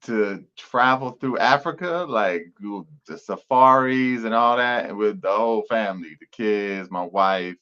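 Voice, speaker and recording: A man's voice: lowish voice, a little slow, few pauses, bright, forceful tone, clear, resonant tone, lo-fi sound. A man from New Jersey, a guest actor on a talk show, answering in an easygoing way and laughing along with the host. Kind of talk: casual interview chat.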